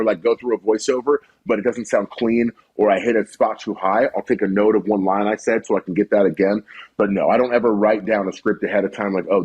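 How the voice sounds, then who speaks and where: A husky, slightly breathy man in his thirties talks casually on a podcast. He tells stories with energy, swears freely and drops into quick impressions of what other people say. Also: on the low side, poor audio. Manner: animated storyteller, swears freely, quotes people in funny voices. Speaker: podcast guest, cooking content creator.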